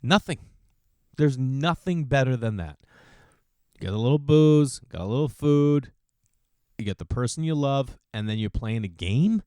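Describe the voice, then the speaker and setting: A man's voice: moderate pace, clear, resonant tone, no echo. Man, podcast host, casual rambling monologue, opinionated, dry close-miked sound. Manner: animated, opinionated, rambling with sudden pitch jumps.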